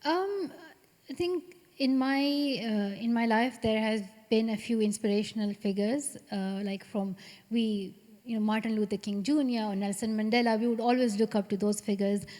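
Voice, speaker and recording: A young woman, a Pashto speaker, talking as a guest in a live on-stage interview, soft-spoken and thoughtful with many fillers and restarts. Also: a little high, moderate pace. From Pakistan. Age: 20s. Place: stage at a live event in a large hall. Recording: hall reverb from a live stage.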